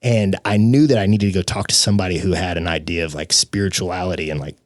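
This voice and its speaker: A young man, a podcast guest, telling his personal story with emotion, animated and acting out the voices of the people in it. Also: deep voice, fast, no echo, clean studio sound. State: tearful.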